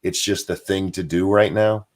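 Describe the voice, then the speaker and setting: Guy with a lowish voice hosting his stream, rambly, lots of ums and little laughs while he reads chat. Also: fairly even intonation, normal speed. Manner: rambling, with frequent fillers and chuckles; answers viewer chat and donations aloud. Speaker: livestream show host. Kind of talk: casual livestream chat.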